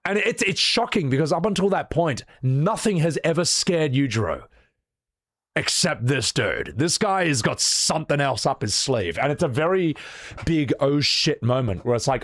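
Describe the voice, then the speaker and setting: A man hosting a casual livestream, telling a story in an animated way with lots of fillers. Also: on the high side, normal speed, no room sound, studio quality. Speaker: show host.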